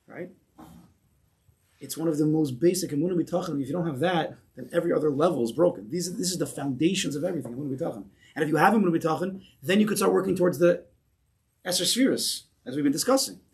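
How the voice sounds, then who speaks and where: Guy giving a torah class, fairly high voice, keeps asking the room questions. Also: fast talker, vocal fry. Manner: animated, asks the class questions. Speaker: Torah teacher. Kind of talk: lecture to a class.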